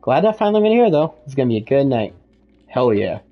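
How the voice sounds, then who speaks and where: A streamer reading out a relaxed, friendly adult male game character, calm and unbothered. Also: medium pitch, fast talker, muffled recording, lightly acted.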